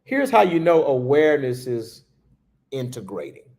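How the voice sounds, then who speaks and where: A man giving a livestreamed spiritual talk, slow and reflective, dropping to a hush on key phrases. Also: mid-range voice, very animated. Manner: slow, reflective, with hushed pauses. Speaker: spiritual teacher.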